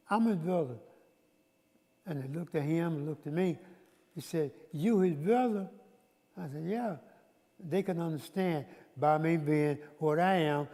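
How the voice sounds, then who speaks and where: A man in his nineties, a war veteran from the United States, recounting memories in a halting, repetitive way during an interview. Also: medium pitch, gravelly, mellow, big-room sound. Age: 90s. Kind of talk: interview recollection.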